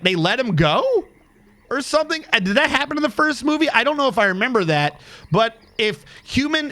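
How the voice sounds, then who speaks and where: A man's voice: very high-pitched, sharp tone. A man streaming a game, chatting casually in a rambling, profane way and counting under his breath as he plays. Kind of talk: casual rambling commentary while playing a game.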